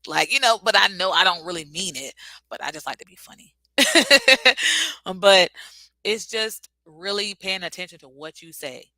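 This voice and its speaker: A woman's voice: low-pitched, pushed and bright, no echo, low-quality recording. A talkative woman hosting a casual motivational livestream, answering viewer comments and laughing easily. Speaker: livestream host.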